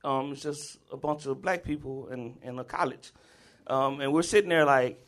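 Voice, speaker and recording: A man from the Southern US telling a comic personal story at a live storytelling event, in an animated, chuckling, conversational way. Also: medium pitch, normal speed.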